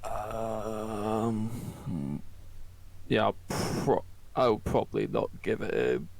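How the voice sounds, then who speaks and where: A man playing a character in a tabletop role-playing game, slow and musing as he decides. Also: lowish voice, creaky. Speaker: player.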